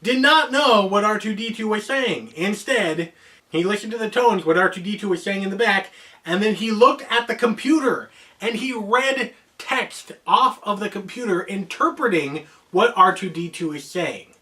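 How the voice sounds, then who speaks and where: A man's voice: sits high, moderate pace, bright, forceful tone, recorded from a distance. An American man from Oregon hosting a casual explainer video in a playful, joking way. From United States (Oregon). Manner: playful, joking, shifts into voices for examples. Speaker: host.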